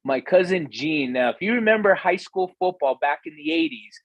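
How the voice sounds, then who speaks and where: A man's voice: high voice, very animated, moderate pace, creaky, dry recording, highs cut off. A man, a guest on a podcast, telling earnest personal stories in a reflective conversational way, with some fillers. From United States. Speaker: podcast guest, real estate investor. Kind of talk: storytelling in conversation.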